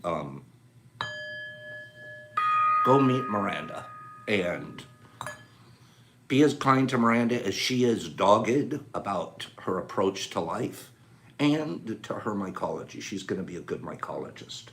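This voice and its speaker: A man's voice: lowish voice, lively intonation, slow pace, long pauses, fairly bright tone, slight background noise. A man hosting a casual livestream, chatting and greeting viewers by name. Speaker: livestream host.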